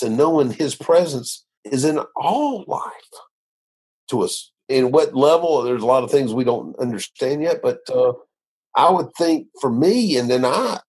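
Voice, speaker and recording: A man's voice: mid-range voice, expressive, unhurried, a little mellow, breathy edge. A man, a minister, telling his faith testimony in an earnest, rambling conversational way, full of restarts. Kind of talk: conversational interview.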